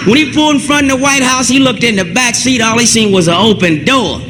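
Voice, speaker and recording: A man from the United States doing a stand-up routine, telling a brash, profane story and shouting his punchlines. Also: very high-pitched, fast, few pauses, crowd noise, noisy background. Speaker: stand-up comedian.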